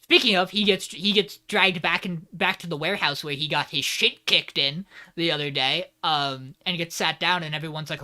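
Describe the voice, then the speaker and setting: A man's voice: fairly high pitch, normal speed, few pauses, bright, forceful tone. A man co-hosting a podcast in casual chat. He recaps an episode with lots of filler words and some swearing, and he acts out the lines of the characters. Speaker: podcast co-host.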